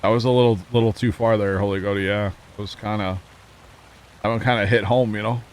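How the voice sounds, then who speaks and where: A man's voice: fairly low pitch, steady tone, a little fast. A man streaming a farming game, chatting casually and joking with his chat. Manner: chatty, jokey, reading chat aloud.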